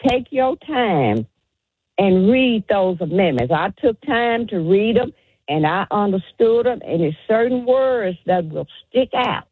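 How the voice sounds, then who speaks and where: A woman's voice: mid-range voice, expressive, unhurried, slightly rough, dry recording. A woman calling into a radio show, firm and emphatic, repeating her points. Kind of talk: call-in radio opinion. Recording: tinny phone line.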